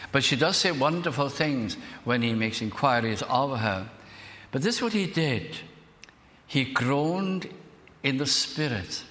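An older man from South Wales, preaching a sermon as a minister in an earnest, measured way, slowing down to dwell on phrases. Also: mid-range voice, fairly bright tone. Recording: reverberant hall.

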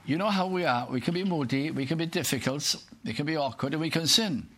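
A man's voice: on the high side, fast talker, fairly bright tone. An older man preaching a sermon, earnestly putting direct questions to his congregation.

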